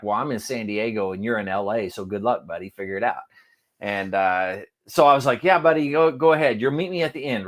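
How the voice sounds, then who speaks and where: A man telling a long funny story in casual chat as a podcast co-host, acting out quotes with sudden jumps in voice. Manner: animated, acts out quotes with big pitch jumps.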